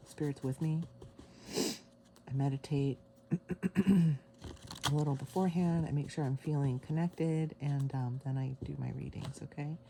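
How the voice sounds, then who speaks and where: A woman giving a casual tarot reading to camera, excited and emotional, with sighs. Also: deep voice, slight background noise. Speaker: tarot reader. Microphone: camera mic.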